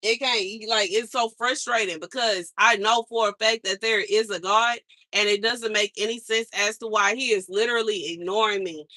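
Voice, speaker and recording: Bright-voiced woman venting in anger. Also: medium pitch, steady tone, normal speed, no room sound. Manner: exasperated, repeats herself for emphasis. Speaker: vlogger. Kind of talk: angry venting monologue. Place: outside her mother's house.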